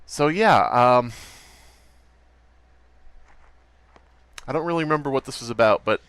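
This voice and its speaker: A man's voice: medium pitch, fast talker, a bit bright, clean tone, no room sound, close to an everyday voice. A man playing a self-pitying male YouTuber in a comedy skit, rambling and repeating his complaints over and over. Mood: whiny. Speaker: podcast host.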